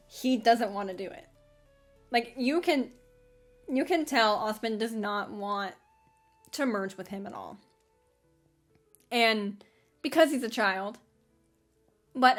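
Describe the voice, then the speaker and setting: A woman hosting a casual anime fan commentary, rambling in an animated way with frequent laughs and restarts. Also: on the high side.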